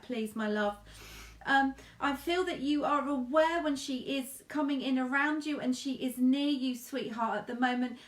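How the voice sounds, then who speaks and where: A woman with a high voice gives a live psychic reading in a soft, halting way. She keeps calling the listener darling and my love. Her voice rings a little in an echoey room. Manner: soft, halting, addresses sitter with endearments. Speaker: medium.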